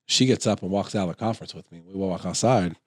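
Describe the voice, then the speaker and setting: A man's voice: low-pitched, fast, no echo, clean studio sound. A middle-aged man co-hosting a podcast, telling a long anecdote in casual chat and acting out other people's voices as he goes. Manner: animated storyteller, acts out voices in anecdotes. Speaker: podcast co-host.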